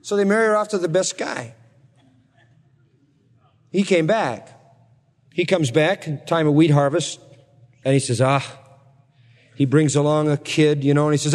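A man's voice: a little high, moderate pace, long pauses. A man teaching a Bible passage in a sermon, telling the story in a conversational, wry way with asides to his listeners. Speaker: pastor. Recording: long hall reverb.

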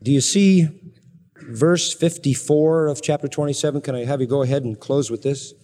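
Male preacher, slightly high voice, emphatic, repeats lines for weight, long hall reverb. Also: big pitch swings, normal speed, a little mellow. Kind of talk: expository sermon.

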